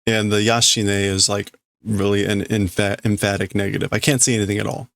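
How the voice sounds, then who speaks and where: A man's voice: on the low side, flat delivery, fairly quick, gravelly, fairly bright tone, no echo, clean studio sound. A man streaming himself as he reads a comic and works out the translation aloud, hesitant and full of fillers. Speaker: streamer learning Japanese. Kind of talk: casual reading and translating aloud.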